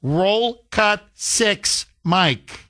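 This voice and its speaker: High-voiced, fiery male talk radio host. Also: animated, very slow, sharp tone. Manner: combative, emphatic, repeats phrases for punch.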